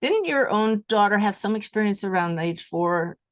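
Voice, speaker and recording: A woman's voice: mid-range voice, lively intonation, normal speed. A woman hosting a podcast interview, enthusiastic and affirming as she responds to her guest. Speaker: podcast host. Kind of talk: interview conversation.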